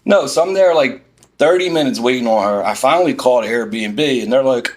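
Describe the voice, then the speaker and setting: A man's voice: mid-range voice, normal speed. Exasperated man ranting. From Philadelphia. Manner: exasperated, animated storytelling with quoted back-and-forth. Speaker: vlogger. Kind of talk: ranting storytime vlog. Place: inside a parked van.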